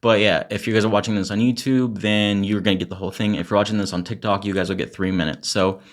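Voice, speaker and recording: A young man with a somewhat low voice spits an a cappella freestyle. His delivery is intense and angry, heavy with swearing, and he later chats casually to his followers. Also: steady tone, fast talker. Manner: intense and angry in the verse, chatty and laughing in the outro; swears heavily. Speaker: rapper and poet.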